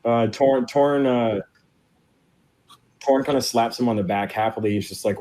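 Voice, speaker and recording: A man's voice: mid-range voice, measured pace, long pauses, warm tone. A man playing a tabletop role-playing game, narrating his character's actions in a rambling way with many fillers. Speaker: player.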